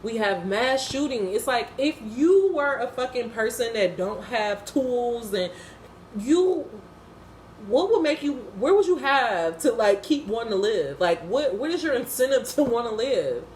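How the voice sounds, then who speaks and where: A woman's voice: on the high side, lively intonation, a little slow, darkish tone, echoey room, a little hiss or hum. A woman giving unscripted, casual commentary on a TV episode, blunt, profane and impassioned. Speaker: TV episode reviewer.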